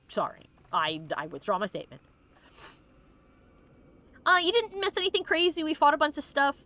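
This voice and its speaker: A woman's voice: a little high, bright, forceful tone. A woman streamer giving casual gameplay commentary, bubbly and joking, laughing often and acting out the characters' lines. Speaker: let's play streamer.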